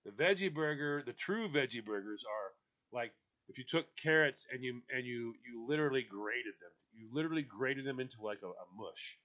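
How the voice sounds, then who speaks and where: A man hosting a casual radio talk show, chatty and animated, acting out little quotes in funny voices. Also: medium pitch, moderate pace, lo-fi sound.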